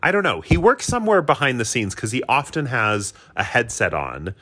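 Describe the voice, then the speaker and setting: Woman podcast co-host, very deep voice, animated pitch, playful asides. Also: normal speed, husky. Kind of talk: casual chat.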